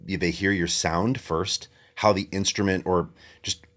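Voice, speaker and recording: A man talking casually about bass playing, relaxed and thoughtful, often agreeing with short replies. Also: a little slow. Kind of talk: casual chat.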